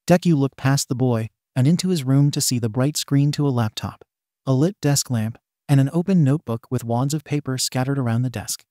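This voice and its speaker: A man narrating a fan fiction story in a steady, even manner. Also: medium pitch, fairly quick, dry recording, studio quality.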